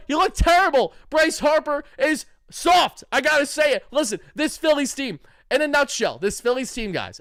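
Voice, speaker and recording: A man's voice: extremely high pitch, pushed and bright, no room sound, clean studio sound. A brash young man hosting fan reaction commentary on a sports channel, hyped and trash-talking. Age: young adult.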